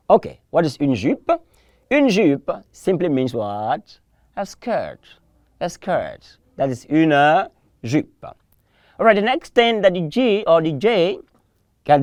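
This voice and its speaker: A man's voice: fairly high pitch, a little mellow, no echo. A man teaching a televised French lesson, drilling words through repetition and call and response.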